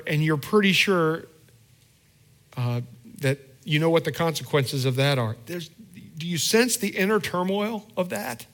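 A man's voice: a little high, fairly bright tone. A male pastor giving a conversational sermon, often restarting and repeating words as he thinks aloud.

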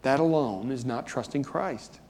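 A man's voice: mid-range voice, unhurried, a little mellow. A man pastor preaching a sermon in a church, talking conversationally and lifting his voice for emphasis. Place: church sanctuary. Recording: long reverb of a church hall.

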